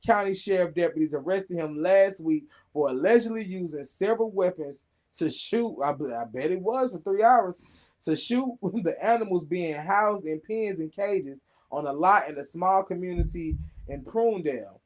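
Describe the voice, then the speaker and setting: A high-pitched man reads the news aloud in a loose, joking way. He trips over unfamiliar names and breaks into laughter as he riffs on each story for his co-host. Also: animated, moderate pace, a little mellow. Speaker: show host. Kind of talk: casual news reading with commentary.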